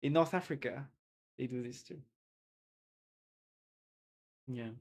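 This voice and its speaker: A man's voice: mid-range voice, slow pace, a little mellow. A man with a French accent chatting casually on a live stream, rambling and reading chat aloud; French is his first language. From France.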